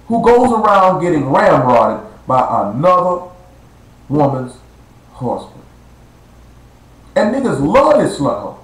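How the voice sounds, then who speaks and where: A high-pitched man preaches in a blunt, slang-heavy street style, drawing out words to drive his point home. His voice bounces around an echoey room on a live stream.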